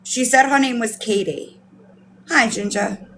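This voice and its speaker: A woman's voice: a little high, unhurried, fairly bright tone, a little hiss or hum. A woman livestreaming who rants with outrage, swears often and repeats herself, greeting viewers by name. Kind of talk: casual livestream rant.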